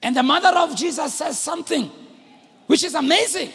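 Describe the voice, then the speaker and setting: A man preaching a sermon, moving from hushed storytelling to loud, rousing exhortation. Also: very high voice, brisk, a faint crowd, a little hiss or hum. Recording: long hall reverb.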